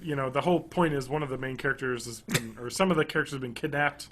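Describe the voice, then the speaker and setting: A man in his thirties co-hosting a podcast, chatting casually and enthusiastically, rambling and swinging between loud bursts and quiet mumbles. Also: medium pitch, quick pace, background noise. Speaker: podcast co-host. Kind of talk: casual chat.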